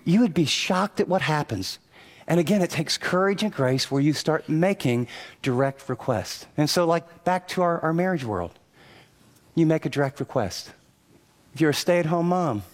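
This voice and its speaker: Earnest preaching man, raised voice. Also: sits high. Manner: earnest, conversational, stumbles and repeats words. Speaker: pastor. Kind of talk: sermon.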